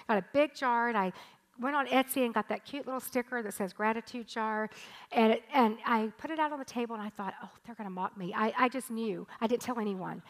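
A woman in her sixties delivers a church sermon with a high, bright voice. She reads scripture steadily, then preaches with animated, emphatic intensity. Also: brisk, low-quality recording. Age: 60s. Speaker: pastor. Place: church stage.

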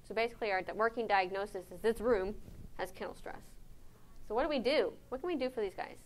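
A woman giving a conference lecture on animal behavior, lively and engaging, often checking in with her audience with questions. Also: medium pitch, fast, a little hiss or hum. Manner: lively, asks the audience questions, frequent "right?".

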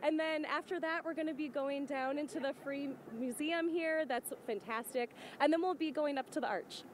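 A woman's voice: high voice, moderate pace, a little hiss or hum. Earnest woman park guide outdoors. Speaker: parks hiking group leader. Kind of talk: live TV interview.

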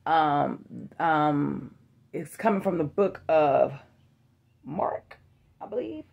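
A woman's voice: low-pitched, expressive, takes it slowly, gravelly, long pauses, darkish tone. Woman, online preacher, casual sermon, folksy, emphatic, phone camera. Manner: folksy, emphatic, addresses viewers as family. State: out of breath. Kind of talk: casual prophetic sermon vlog.

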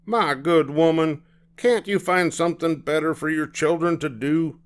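A stuffy, fussy gentleman with a pompous, irritated manner, as an older man reading a storybook puts him on. His voice sits raised and huffy, and he lets each complaint rise and fall with exasperation. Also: fairly high pitch, sing-song, normal speed, voice pushed up.

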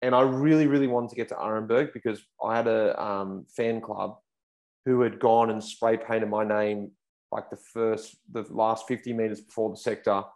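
A low-voiced man in his thirties tells a story on a podcast in a casual, chatty way. He acts out what people said with bursts of raised, excited voices. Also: moderate pace. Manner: animated, acts out quotes in raised voice. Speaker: podcast guest, pro cyclist.

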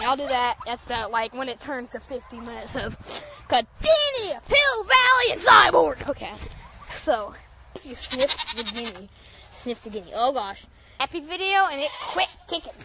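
A woman's voice: high-pitched, very noisy. A young woman chatting casually in a farm vlog, rambling and giggling with lots of filler words. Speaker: farm vlogger. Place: outdoors on a farm with animals.

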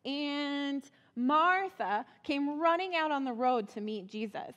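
A woman with a fairly high voice tells a Bible story to children in a casual, lively way, acting out each character's lines. Her voice rings with the long reverb of a church sanctuary. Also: takes it slowly, muffled recording. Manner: casual, animated storytelling with acted-out quotes.

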